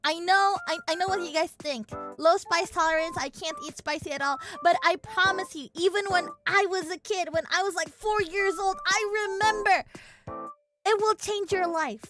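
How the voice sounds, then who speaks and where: Very high-pitched excitable woman, Indonesian accent. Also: normal speed, hardly any pauses. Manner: excitable, bursts into playful shouting. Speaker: streamer. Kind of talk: casual chat with viewers. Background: background music.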